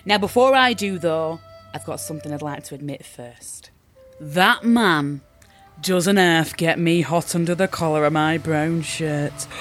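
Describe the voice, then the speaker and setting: A woman acting out a brash Yorkshire mum who gushes and swoons, then snaps into crude swearing, in a comedy sketch. faint music sits under her voice. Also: on the low side. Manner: gushing, breathless, sudden swearing. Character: brash, gushing Yorkshire mother, smug and rude.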